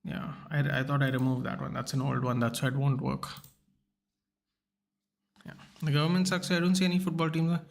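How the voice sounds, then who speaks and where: A man's voice: medium pitch, little pitch movement, brisk, vocal fry, pauses often. A man from Goa, a streamer chatting live and ranting in frustration while replying to his chat. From Goa, India. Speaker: watchalong streamer.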